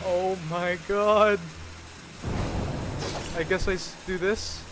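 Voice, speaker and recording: High-voiced young man shouting over gameplay. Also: slow, long pauses, noisy background. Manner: shouts and laughs in wild swings of excitement. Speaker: gaming video host. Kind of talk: excited live gameplay commentary. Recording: game music playing behind.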